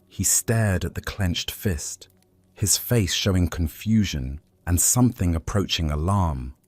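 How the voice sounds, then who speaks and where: A man calmly narrating a scripted bedtime story. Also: low voice, husky, no echo.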